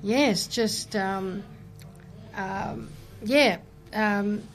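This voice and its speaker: A woman, a volunteer wish coordinator, speaking as a radio interview guest, hesitant and soft-spoken with many pauses and fillers. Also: medium pitch.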